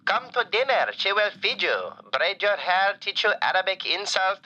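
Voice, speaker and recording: A doting, flamboyant falafel shop owner phoning in to a radio show. His voice is bright and swings widely in pitch as he piles on deadpan compliments in broken grammar. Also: moderate pace, dull audio, heavily acted. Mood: effusive. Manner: effusive, broken grammar, playful deadpan jokes. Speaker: caller.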